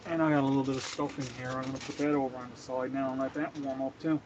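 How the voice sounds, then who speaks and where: A man's voice: mid-range voice, little pitch movement, racing, dull audio, noisy background. A man from Canada chatting casually on a live stream while he cooks, laughing often and greeting viewers by name.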